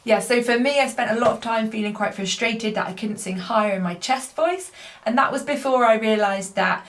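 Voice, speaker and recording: A woman singer calmly explaining singing registers in a casual lesson. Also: on the high side, fairly quick. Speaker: singer, guest co-presenter.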